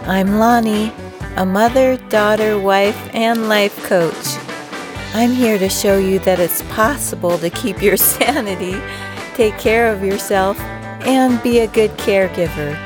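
A woman host and life coach telling a personal story, laughing now and then and acting out the moments. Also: medium pitch. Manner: warm laughing storyteller, animated retelling.

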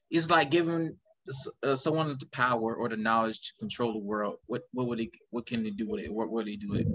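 A man's voice: mid-range voice, a bit bright, slightly rough, low-quality recording. A man hosting a podcast, asking questions in a casual, enthused way with chuckling asides. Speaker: podcast host. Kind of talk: casual interview talk.

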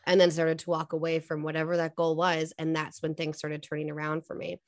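A woman's voice: deep voice, completely flat delivery, a little fast, no echo, studio quality. A young adult woman, a coach, talking earnestly in a casual podcast interview, telling stories with many fillers. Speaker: guest coach.

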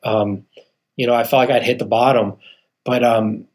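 A man's voice: medium pitch, steady tone, moderate pace, a little mellow. A man in his thirties, a podcast guest, telling an earnest personal testimony and acting out the people in his story. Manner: earnest storyteller, acts out quoted people, calls the host "man". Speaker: guest, real estate founder.

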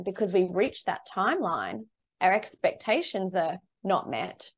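A woman's voice: on the low side, big pitch swings, a little slow. A woman co-hosting a podcast, talking in a reflective, thoughtful way in casual conversation. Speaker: podcast co-host.

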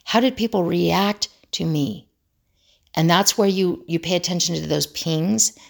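A woman's voice: fairly low pitch, measured pace, gravelly. A woman in her fifties hosting a self-help talk, telling family stories and acting out the people she quotes. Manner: animated storytelling, acts out quoted voices. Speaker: self-help podcast host. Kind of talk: casual monologue.

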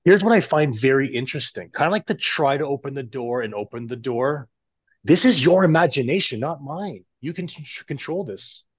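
A man speaks as a coach in a podcast conversation, walking his listeners through an exercise with lively, instructive energy. His voice sits in an ordinary middle register for a man. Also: mid-range voice, normal speed, breathy edge, muffled recording.

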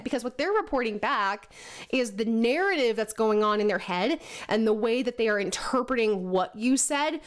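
A woman's voice: on the high side, animated, moderate pace. Chatty woman explaining with hiccups. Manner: conversational, many fillers and "right?" tags. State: has the hiccups. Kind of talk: casual talk to camera.

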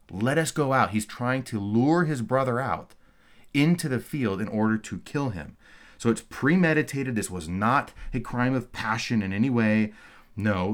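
A man giving a recorded theology course lecture, earnest and explanatory, reading verses aloud and then commenting on them, with frequent fillers and restarts. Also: lowish voice.

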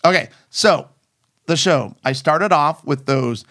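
A man hosting a casual talk show, excitable and rambling as he explains things. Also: fairly high pitch, slow. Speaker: podcast host. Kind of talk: casual chat.

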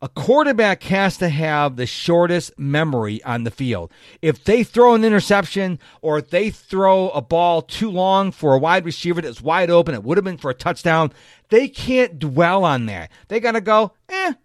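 A man's voice: on the high side, animated, moderate pace, dry recording, studio quality. A man hosting a solo podcast, talking straight to his listeners in a chatty, self-correcting way. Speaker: podcast host. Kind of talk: solo motivational podcast monologue.

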